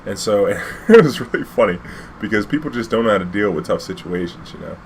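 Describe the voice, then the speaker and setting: A man's voice: lowish voice, lively intonation, fairly quick, slight background noise. A man, a cab driver telling a casual, rambling anecdote full of fillers and swearing.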